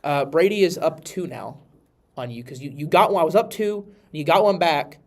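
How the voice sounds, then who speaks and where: A man's voice: fairly high pitch, fairly quick. A congested, slightly nasal man hosting a podcast, chatting casually about football with many restarts. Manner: rambling, animated, many restarts. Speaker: podcast host. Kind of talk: casual sports chat.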